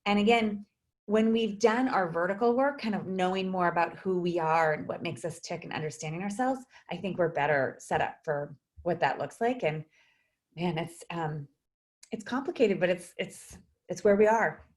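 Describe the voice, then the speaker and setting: A woman's voice: fairly low pitch, normal speed. A woman psychologist, a guest in a video interview, speaking thoughtfully with frequent fillers and restarts.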